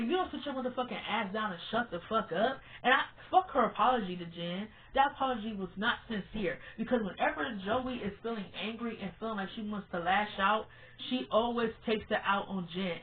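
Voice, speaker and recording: A woman talks through a TV series in a casual, opinionated vlog, at a middle pitch. She is blunt, curses freely and repeats words to drive her point home. The sound is thin and tinny, like a phone line. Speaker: TV show reviewer.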